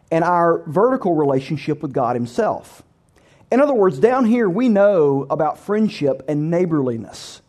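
A man's voice: high-pitched, a little mellow. A male pastor preaching a sermon in a conversational, humorous way, with vivid storytelling.

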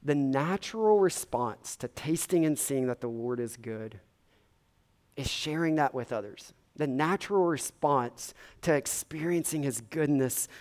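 A man preaching a sermon, retelling a story in a conversational way with many casual fillers. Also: on the high side.

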